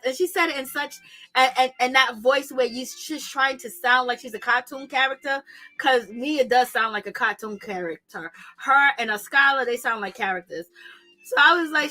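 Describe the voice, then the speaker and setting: A woman recapping a reality show in casual, slangy talk, animated and gossipy, laughing often. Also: sits high, moderate pace, faint music behind. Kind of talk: casual commentary.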